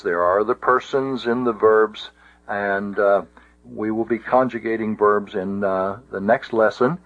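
A man teaching a Greek grammar lesson in a slow, deliberate way, pausing with many fillers. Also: fairly low pitch, no echo. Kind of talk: recorded lesson. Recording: tinny phone-like audio.

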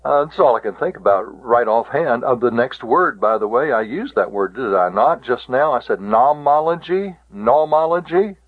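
A man teaching a Greek vocabulary lesson. He repeats each word slowly and stresses how it is pronounced. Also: mid-range voice, expressive, husky. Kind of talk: classroom lecture on Greek vocabulary. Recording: tinny, phone-like lo-fi recording.

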